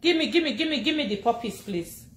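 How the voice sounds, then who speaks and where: In an echoey room, a fast-talking woman with a high voice rants animatedly to camera in Nigerian Pidgin English. She's a social media personality who laughs, scolds and mocks, and switches languages as she goes.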